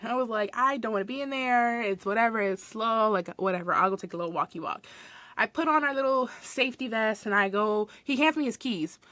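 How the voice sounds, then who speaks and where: A woman's voice: fairly high pitch, fairly quick, no echo. Chatty young woman telling a story. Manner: animated, swears, many "like" fillers, acts out quotes. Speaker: podcast host. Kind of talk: casual storytelling.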